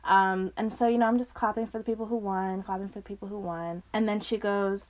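A young woman in her twenties hosting a podcast, telling a personal story in a casual, animated way, often laughing and acting out what others said. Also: medium pitch, fairly quick. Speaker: podcast host.

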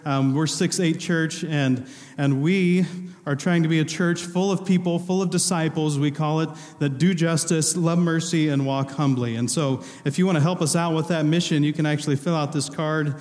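Fairly high in pitch and slightly mellow, this pastor's voice keeps a fairly even intonation at a moderate pace, with few pauses. He casually jokes with his congregation and quizzes them on movie quotes. The large church hall leaves a long reverb.

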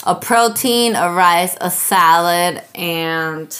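A woman's voice: fairly low pitch, takes it slowly, fairly bright tone. A woman co-hosting a casual podcast, chatty and emphatic, often laughing. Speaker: podcast co-host. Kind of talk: casual chat.

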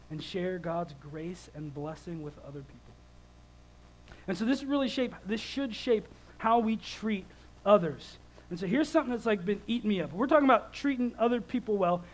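A man in his thirties preaching a sermon, conversational and animated, telling stories with lively swings in loudness. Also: sits high, low-quality recording.

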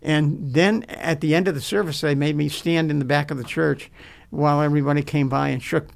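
An older man who is a pastor, earnestly telling his life story in an interview, halting and repeating words as he remembers. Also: on the high side, steady tone, vocal fry. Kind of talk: personal storytelling in a faith interview.

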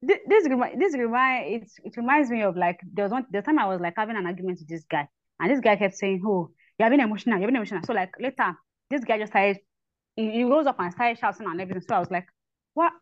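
A woman's voice: mid-range voice, dry recording, dull audio. A woman guest in a casual podcast chat, starting sentences over and over before telling her stories. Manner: halting starts, many fillers and restarts, lively when telling stories.

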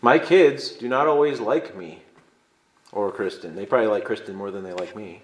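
A man's voice: fairly low pitch, normal speed. A man from Illinois preaching a sermon as pastor, conversational and emphatic, building to fervent stress. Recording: echoey room.

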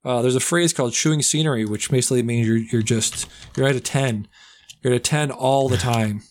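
Young man, casual podcast host, mid-pitched voice, rambling, jokey. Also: a little fast. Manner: rambling, with loud comic put-on accents. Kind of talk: casual movie review chat.

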